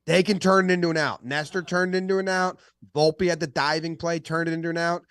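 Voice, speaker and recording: A man co-hosting a sports podcast, bantering in a joking, lively way and poking fun at accents. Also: fairly high pitch, fast talker, clean tone, no echo. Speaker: podcast co-host.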